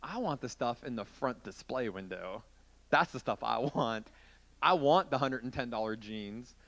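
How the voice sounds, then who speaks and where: A man's voice: mid-range voice, animated, normal speed, creaky, a bit bright. A man preaching as a youth pastor in an interactive youth group sermon, playful and joking with volunteers.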